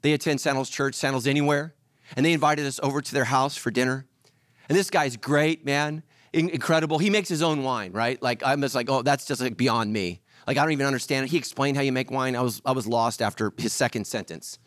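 A middle-aged male pastor preaching a sermon, telling stories and acting out voices with lively energy. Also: mid-range voice, brisk, no echo, clean studio sound. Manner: animated storytelling, acts out voices.

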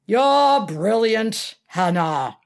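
A woman's voice: fairly high pitch, lively intonation, slow, voice pushed up. A woman voicing a large middle-aged male character actor who talks bluntly and crudely. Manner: blunt, crude, matter-of-fact.

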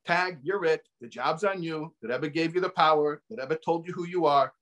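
A man preaching as a rabbi with a fairly high voice. He talks with passion, repeating key phrases for emphasis and weaving in Hebrew and Yiddish terms. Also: normal speed, a bit bright. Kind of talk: sermon.

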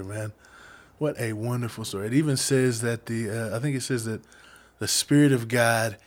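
Casual man telling a Bible story, slangy, mid-pitched, voices the characters offhandedly. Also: normal speed. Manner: slangy, laid-back, says "man" a lot; acts out characters' lines conversationally. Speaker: Bible study speaker.

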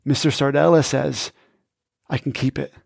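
A man voicing a calm, sly teen boy who talks in a low, quiet, relaxed drawl. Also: normal speed, gravelly, husky, dry recording, clean studio sound. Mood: smug.

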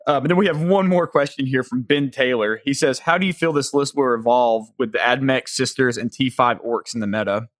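Southern male podcast host, mid pitch, dry close mic, friendly question reader. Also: a little fast, few pauses, dry recording. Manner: friendly, reads listener questions aloud. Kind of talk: casual podcast hosting.

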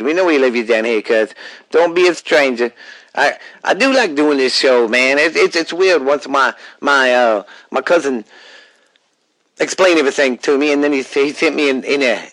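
A man's voice: mid-range voice, fairly bright tone, no room sound, rough recording. A man with a Louisiana accent co-hosting a casual podcast, rambling and drawling with lots of fillers and cursing. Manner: rambling, drawling, swears freely, many fillers. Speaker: podcast co-host.

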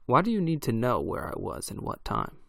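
A man's voice: medium pitch, fairly quick, gravelly, dry recording, clean studio sound, full character voice. A man doing a cool defiant drifter musician. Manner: calm, defiant.

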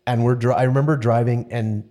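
Male co-host, warm dark tone, wry storyteller who acts out sounds. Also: medium pitch, fairly even intonation, fairly quick. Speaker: podcast co-host. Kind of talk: casual storytelling chat.

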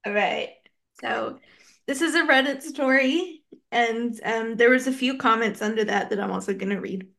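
A woman's voice: fairly high pitch, vocal fry, a bit bright. A woman co-hosting a podcast in casual chat, reading stories aloud and giggling often. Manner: giggly, reads stories in an easy, unhurried way. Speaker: podcast co-host.

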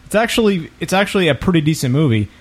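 A man hosting a podcast, chatting casually about movies with animated, exasperated rants. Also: a little high, racing, breathy edge. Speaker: podcast host. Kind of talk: casual movie review chat.

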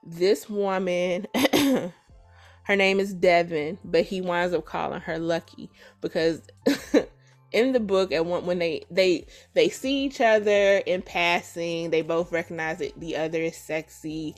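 Animated, profane woman podcast host. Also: lowish voice, a little slow, soft background music. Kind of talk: casual chat.

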